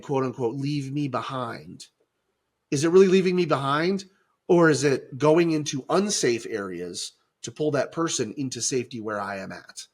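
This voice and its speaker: A middle-aged man co-hosting a casual faith podcast, talking in an animated way with restarts and acted-out quotes. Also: mid-range voice. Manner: animated, acts out quoted voices, many restarts. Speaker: podcast co-host.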